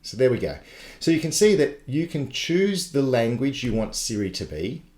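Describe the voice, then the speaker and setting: Guy walking thru a tech how-to, mid pitch, lots of room echo. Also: sing-song, normal speed, a little mellow. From Australia. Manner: chatty step-by-step explaining. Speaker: tech tutor. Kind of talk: live webinar tutorial. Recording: echoey live broadcast.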